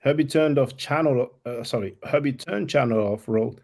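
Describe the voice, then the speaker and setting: A man hosting a live stream, with a husky, slightly breathy voice at a middling pitch. He talks bluntly and mocks the callers who interrupt him. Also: moderate pace, few pauses, a little mellow. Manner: blunt, mocking, confrontational. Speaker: livestream host. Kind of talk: live stream talk with guests.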